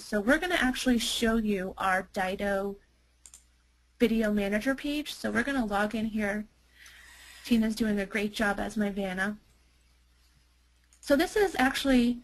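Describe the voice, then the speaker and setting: A woman runs through a business software demo in a webinar. She talks in a chatty way, with plenty of ums and restarts. Her fairly high voice has a gravelly, fry-tinged edge. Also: poor audio. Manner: chatty, many fillers and restarts. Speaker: marketing presenter.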